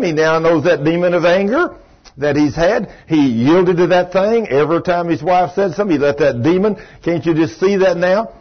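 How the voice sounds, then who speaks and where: A man, preaching a folksy, animated storytelling sermon and acting out the people in it. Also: high-pitched. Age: 60s. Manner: folksy, animated, acts out the people in his stories. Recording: dull lo-fi sermon recording.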